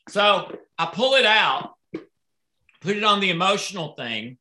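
A man hosting a sales event, telling an animated story and acting out the dialogue with jumps in his voice. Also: high voice, moderate pace. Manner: excitable, acts out dialogue in raised voices. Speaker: host presenting products. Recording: echoey room.

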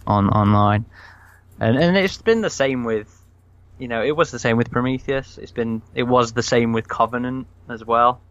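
A man's voice: medium pitch, moderate pace, fairly bright tone. A man in casual podcast chat, telling long rambling anecdotes full of restarts. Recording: slightly dull, dry recording.

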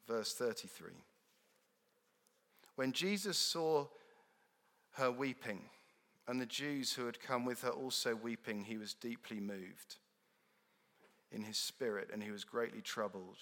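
An earnest man delivers a sermon with a bright, forceful tone. His voice rises to emphatic declarations and drops to hushed words. The long reverb of a large church hall trails behind him. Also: mid-range voice, unhurried, pauses often. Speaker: preacher.

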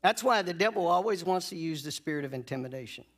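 A man's voice: fairly high pitch, animated, a bit bright. Man preaching with call-and-response. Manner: call-and-response preaching, stretches key phrases slowly. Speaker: pastor. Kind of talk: sermon.

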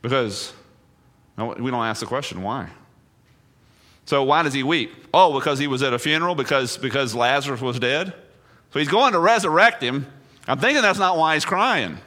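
A male pastor delivers a sermon packed with rhetorical questions at normal speed, his intonation lively. He swings between hushed, low passages and emphatic, raised ones.

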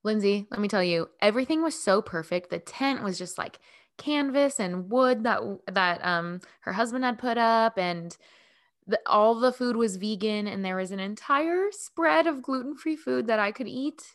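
A woman co-hosting a podcast in casual chat over a video call, bubbly and laughing often, her voice leaping up when excited. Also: on the high side, moderate pace. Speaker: podcast co-host. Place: home, remote call.

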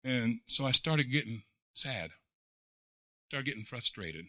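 Bright-voiced preaching man, dry and close. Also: medium pitch, slow pace, no room sound. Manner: folksy storytelling with many repeated words and fillers; swings between quiet reflection and loud excited preaching. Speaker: pastor. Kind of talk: sermon.

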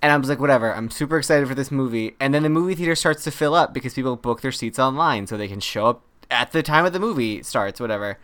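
A man's voice: medium pitch, animated, fast, few pauses, fairly bright tone. A man co-hosting a podcast, chatting casually and telling stories with acted-out quotes. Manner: chatty storyteller who acts out quoted lines. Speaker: podcast co-host. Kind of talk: casual chat.

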